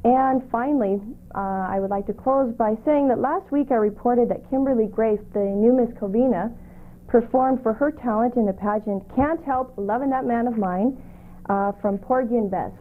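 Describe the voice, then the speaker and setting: A woman reads the local news and weather at an even, measured pace. Her voice sits a bit high. The audio is thin and tinny, like an old videotape. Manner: steady, measured reading. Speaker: news reader on community cable show. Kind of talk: read local news segment.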